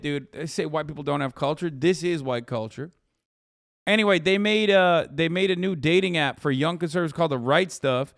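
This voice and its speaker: A man streaming live, reacting to clips with profane, mocking, animated commentary. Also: a little high, fairly quick, vocal fry, dry recording, studio quality. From United States.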